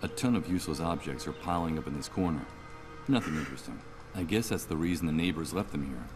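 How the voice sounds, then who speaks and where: An extremely low-pitched man talks fast with animated intonation. He's acting as the wry, troubled protagonist of a video game, musing to himself over game music.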